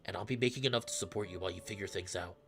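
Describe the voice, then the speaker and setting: A man voicing a broad, wistful young man who quietly pleads with his ex to come back, read in a soft, subdued way. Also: low-pitched, rapid-fire, voice pushed down. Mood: earnest. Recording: faint music underneath.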